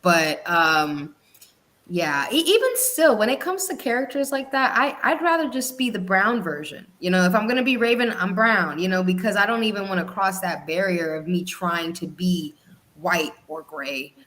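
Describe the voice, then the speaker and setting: A woman in a casual panel discussion, speaking thoughtfully and in a measured way. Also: on the low side, lively intonation, fairly bright tone.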